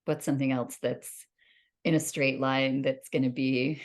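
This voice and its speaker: A woman's voice: a bass voice, little pitch movement, unhurried. A woman co-hosting a podcast in casual chat, laughing often between remarks. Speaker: podcast co-host.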